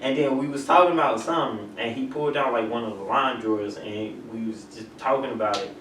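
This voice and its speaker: A man's voice: mid-range voice, fairly quick, a bit bright, recorded from a distance. Laughing man telling stories. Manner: storytelling, laughs a lot, slangy. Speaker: podcast co-host. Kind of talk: casual chat. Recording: roomy, off-mic with light noise.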